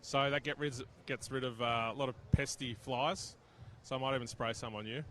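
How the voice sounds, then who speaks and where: Low-key plain-spoken man. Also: steady tone, a little fast, bright, forceful tone, a little hiss or hum. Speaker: animal health sales rep. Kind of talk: casual product chat. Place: trade show floor.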